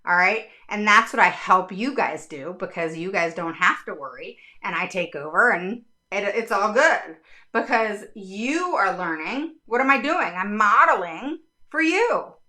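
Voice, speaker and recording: A woman's voice: mid-range voice, animated, measured pace, pushed and bright. A middle-aged woman who works as a special education advocate, talking frankly and bluntly to her viewers, swearing casually.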